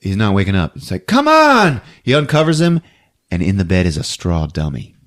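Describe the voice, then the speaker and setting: A man hosting a podcast, recapping a movie scene by scene, jumping into quick character voices and laughing often. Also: sits low, very animated, darkish tone. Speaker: podcast host.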